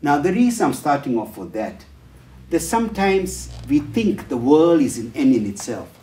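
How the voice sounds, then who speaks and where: A man's voice: fairly high pitch, sing-song, moderate pace, mellow. Man, workshop lecture, storytelling, acts out dialogue, hesitant fillers, distant mic, echoey room. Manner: storyteller who acts out the dialogue in changed voices, with frequent fillers. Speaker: educational trainer giving a workshop talk. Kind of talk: lecture told through stories. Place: talk venue, roomy space. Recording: roomy echo, distant mic.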